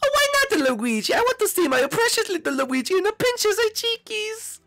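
A man voicing a doting elderly mother in a shrill falsetto for a game video skit. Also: sing-song, a little fast, creaky, a bit bright, soft background music, heavily acted. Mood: pleading, doting.

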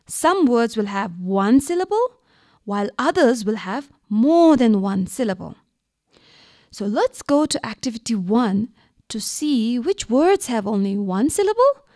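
A woman teacher from Bhutan walks young listeners through a radio lesson, slow and patient. Her voice sits a bit high and swings widely in pitch, and the recording is dry and close. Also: darkish tone, no room sound. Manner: slow, patient, asks questions and answers them. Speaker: primary school teacher.

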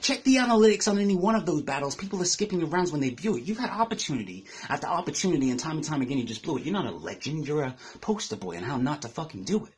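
A man's voice: on the high side, big pitch swings, rapid-fire, hardly any pauses, breathy edge. A man from England delivering a battle rap verse, taunting his opponent with aggressive insults. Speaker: battle rapper.

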